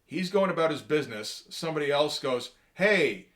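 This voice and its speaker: A man casually talking through a comic book page by page in a halting, rambling way, with wry asides. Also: a little high, lively intonation.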